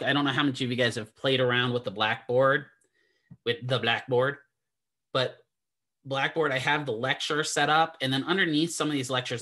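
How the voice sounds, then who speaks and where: A man with a sharp-toned, mid-range voice teaches physical therapy. His classroom lecture rambles along chattily, and he regularly asks the students questions.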